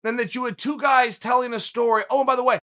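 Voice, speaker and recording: A man hosting a show, telling a story in a casual, animated commentary monologue full of conversational asides. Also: very high-pitched, quick pace. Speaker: podcast host.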